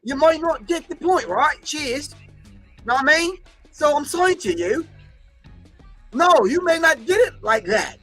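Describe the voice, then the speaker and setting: A man faking a high mock Cockney accent. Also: animated, measured pace, pauses often, bright, forceful tone, soft background music, exaggerated voice. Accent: mock Cockney put-on. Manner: playful, exaggerated, talking higher than usual.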